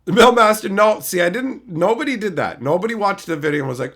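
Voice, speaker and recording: Animated swearing livestream ranter, a man. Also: high-pitched, quick pace. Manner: animated, swearing, mocking voices of commenters. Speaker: streamer reading live chat. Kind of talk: casual livestream rant.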